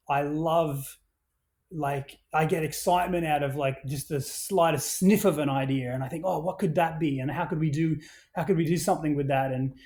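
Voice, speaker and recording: A man on a podcast, talking in a rambling, animated way with many restarts and plenty of swearing as he tells stories. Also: a little high. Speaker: podcast guest, action sports brand founder. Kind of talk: casual podcast conversation.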